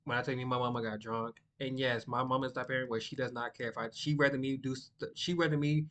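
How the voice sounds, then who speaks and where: A young man, chatting casually and rambling to the camera, by his own account monotone. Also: mid-range voice, fast talker. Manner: rambling, sidetracked, self-described monotone. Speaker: vlogger.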